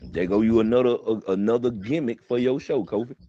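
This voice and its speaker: A man's voice: mid-range voice, brisk, mellow, a little hiss or hum. A man in casual, profane banter, laughing often and hyping up a friend. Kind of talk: casual chat. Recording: dull, lo-fi sound.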